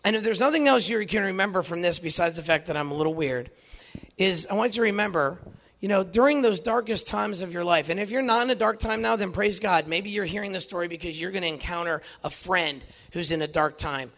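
A man in his fifties giving an earnest, animated inspirational talk to young people, telling his own faith story with self-deprecating humor. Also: high voice, fairly quick. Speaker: Catholic youth speaker.

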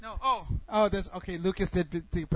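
A middle-aged man telling a personal story in an animated way, often restarting and repeating words. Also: high voice, fairly quick, rough recording.

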